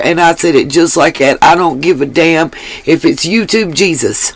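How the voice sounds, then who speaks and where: A woman's voice: low voice, normal speed, no room sound, rough recording. A woman hosting her own live stream, ranting angrily and with lots of swearing as she talks straight to her chat. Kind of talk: angry live-stream rant. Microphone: headset mic.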